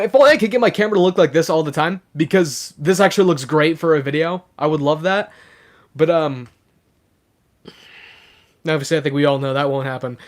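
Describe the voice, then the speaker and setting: Sick young man streaming, chatty. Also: fairly high pitch. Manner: chatty and excitable, full of fillers. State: sick, voice sounds rougher than usual. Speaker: live streamer. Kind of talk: casual live-stream chat, reading chat messages aloud.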